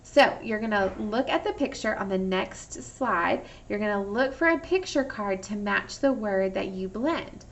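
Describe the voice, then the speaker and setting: A woman teaching a first grade phonics lesson remotely, talking in a cheerful, slow, clearly articulated sing-song way for young children. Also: mid-range voice, lively intonation, recorded from a distance. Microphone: laptop or webcam microphone. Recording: lo-fi recording from off-mic.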